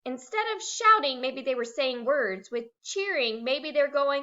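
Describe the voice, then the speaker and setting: A woman's voice: high voice, measured pace, few pauses. A woman teacher giving a recorded reading lesson for young children, acting out words as she goes. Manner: animated, acts out words. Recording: dull lo-fi recording.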